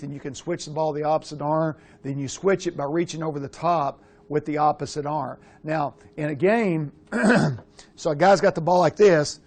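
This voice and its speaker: An older man near sixty with a drawl coaches quarterbacks in a clinic talk. His voice is gravelly and sits somewhat high. He talks loosely and swears freely as he drifts from drill instructions into stories. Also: a little mellow. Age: around 60. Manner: casual, profane, rambling storyteller.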